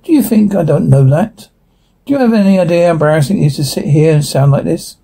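A man's voice: fairly high pitch, quick pace, creaky, mellow, breathy edge. A man reading the part of an anxious middle-aged mother who pleads urgently with a priest. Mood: pleading.

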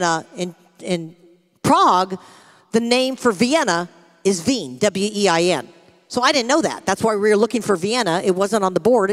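A middle-aged American woman pastor preaching, telling a personal story with lively acted-out quotes. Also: medium pitch. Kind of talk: sermon with storytelling. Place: church sanctuary. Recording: long hall reverb from a church.

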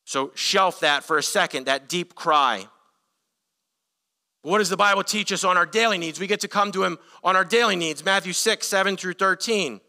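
A man's voice: high voice, normal speed, pushed and bright. A man preaching a sermon as pastor, earnest and emphatic, building intensity as he makes his points. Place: church sanctuary. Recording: long church reverb.

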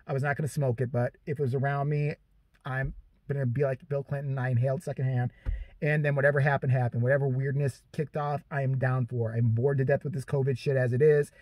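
A man's voice: mid-range voice, level tone, fast talker, darkish tone, dry recording. A young man telling a crude story in a casual, rambling vlog from inside a parked car. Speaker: vlogger.

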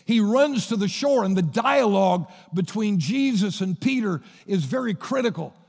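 A pastor preaches in a high, gravelly voice, telling Bible stories scene by scene. His sermon rings through a church hall with a long, trailing reverb. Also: lively intonation, moderate pace, a little mellow. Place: church sanctuary.

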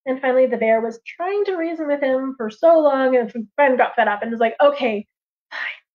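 A woman storyteller telling a traditional tale on a livestream in a lively, chatty way, with casual asides. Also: sits high, fast. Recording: dull lo-fi livestream audio.

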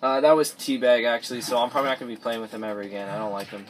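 A man's voice: medium pitch, level tone, rapid-fire, a little hiss or hum. A teenage boy rambling through let's play commentary, restarting his sentences often while he plays. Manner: rambling, many restarts, mumbles asides. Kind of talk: gameplay commentary. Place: bedroom at home. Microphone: cheap mic or device mic.

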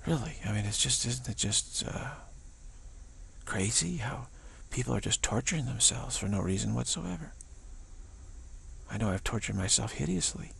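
A man's voice: mid-range voice, vocal fry, fairly bright tone, slightly rough. A man giving a casual spiritual talk outdoors in the evening, musing, repeating words and acting out the voices he quotes. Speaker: spiritual teacher.

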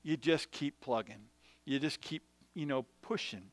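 A man preaching a church sermon, telling animated personal stories and chuckling between anecdotes. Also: mid-range voice, measured pace, dry recording. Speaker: pastor. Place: church sanctuary.

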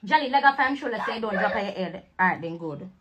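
A young woman with a Jamaican accent, livestreaming a rambling, preachy sales pitch for her network marketing business. She repeats herself and slips into patois. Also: expressive, fast talker, highs cut off, noisy background. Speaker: live streamer promoting a network marketing business. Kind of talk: casual live-stream sales pitch.

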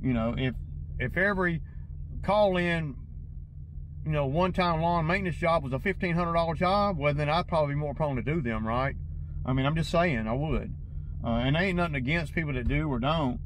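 Agitated man, high voice. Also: moderate pace, slight background noise, low-quality recording. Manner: agitated, rambling, stumbles and repeats himself. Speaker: lawn care business owner. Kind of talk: casual vlog rant to viewers.

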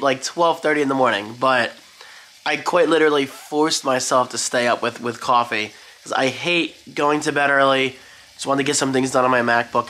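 A man's voice: medium pitch, pushed and bright. A man vlogging in a casual, rambling, self-deprecating way about his day. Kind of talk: casual daily vlog chat.

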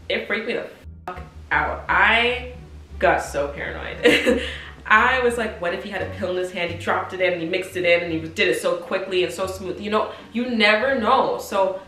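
A woman in her twenties telling a casual storytime, animated and slangy, acting out the dialogue. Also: fairly low pitch, normal speed. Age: 20s. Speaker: vlogger. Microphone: compact camera mic. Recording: roomy sound with faint music.

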